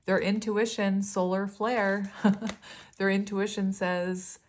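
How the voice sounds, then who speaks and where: Doing an informal tarot reading for her audience, a woman speaks slowly in a mid-range voice with little rise and fall, over a faint hiss or hum. Her talk wanders, full of ums and self-corrections, and she giggles repeatedly.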